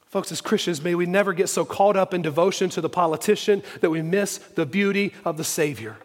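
High-pitched man preaching, leans on repeated lines, big echoey hall sound. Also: normal speed, long pauses. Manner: emphatic, repeats key phrases for stress. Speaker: pastor. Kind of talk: sermon.

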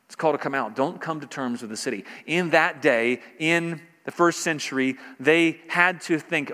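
A man's voice: a little high, moderate pace, hardly any pauses, bright, forceful tone, in a large hall. A man preaching a sermon, pressing each point with rising emphasis and repeated phrases. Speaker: pastor.

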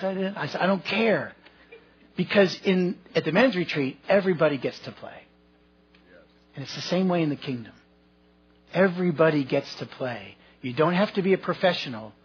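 A man's voice: a little high, breathy edge, dull audio. A man preaching a sermon as pastor, telling folksy stories with self-deprecating humor.

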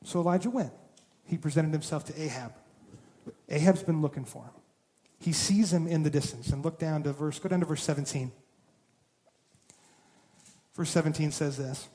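A man preaching a sermon, telling the story with animated, dramatized quotes and touches of humor. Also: on the high side, normal speed, long pauses. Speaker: pastor. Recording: long hall reverb.

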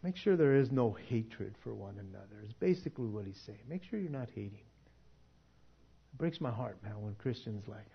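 Animated preacher, lo-fi recording. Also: male voice, on the low side, normal speed, creaky, slightly rough. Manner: conversational, laughs often, swings from quiet to emphatic. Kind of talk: casual sermon.

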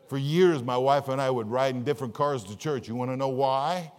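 A man preaching a sermon as pastor, folksy and jokey, with big swings between quiet asides and louder, higher bursts. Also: a little fast, few pauses. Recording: long reverb of a large hall.

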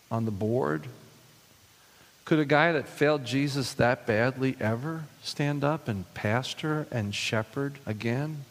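A man's voice: a little high, creaky. Man preaching in a reverberant hall. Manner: reads scripture then reflects with rhetorical questions. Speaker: pastor. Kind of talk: sermon.

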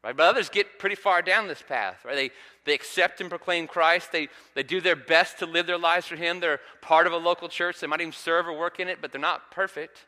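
A man in his thirties preaching a sermon in a church, telling a family story in a relaxed, conversational way. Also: a little high, fairly quick. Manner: conversational storytelling with frequent ums. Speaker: pastor. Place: church sanctuary. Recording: long hall reverb.

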